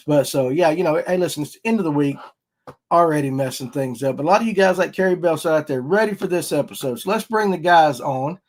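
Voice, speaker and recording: A man's voice: a little high, fairly quick. Folksy man hosting a podcast. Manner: folksy, rambling, upbeat. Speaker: podcast host. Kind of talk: casual fishing podcast chat.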